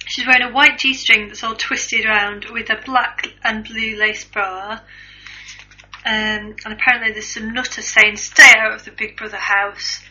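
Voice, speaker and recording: A woman's voice: on the high side, flat delivery, unhurried, pushed and bright. A woman co-hosting a casual chat show, gossiping about tabloid news with giggles. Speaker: co-host. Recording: dull lo-fi recording.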